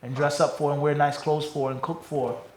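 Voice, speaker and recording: A man's voice: on the high side, little pitch movement, moderate pace, rough recording. Man teaching, quizzing his class aloud. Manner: keeps asking the class "what?" for them to fill in; wide swings in loudness, from loud emphasis to quiet asides. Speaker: Islamic scholar teaching a class. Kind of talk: lecture answering questions. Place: classroom with a live audience.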